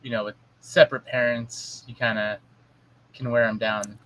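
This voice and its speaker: A man talking bluntly on a casual podcast, cursing as he tells parenting stories. His voice is bright and forward, at an ordinary pitch for a man. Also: little pitch movement, moderate pace, rough recording. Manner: blunt, swears, acts out his stepdaughter in quotes. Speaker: podcast co-host. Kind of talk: casual chat.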